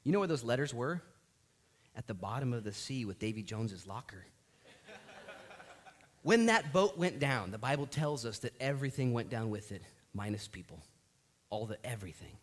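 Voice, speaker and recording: A male pastor delivers a sermon with lots of rise and fall in his voice. He tells the story in an animated way and acts out the lines of the people in it. He sounds like he is speaking in a church. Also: mid-range voice, moderate pace, long pauses.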